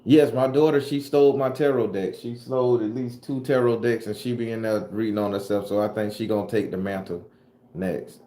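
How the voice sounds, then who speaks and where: Fairly low in pitch, he keeps a steady tone and a brisk pace, sounding mellow. The southern Florida channel host, a tarot reader with a Southern US accent, casually answers his livestream chat in loose, profane slang. The room sounds echoey.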